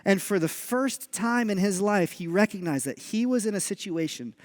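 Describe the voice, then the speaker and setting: Male pastor, high voice, lively storyteller, reverberant church hall. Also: moderate pace. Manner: animated storyteller, acts out dialogue. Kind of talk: sermon. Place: church sanctuary.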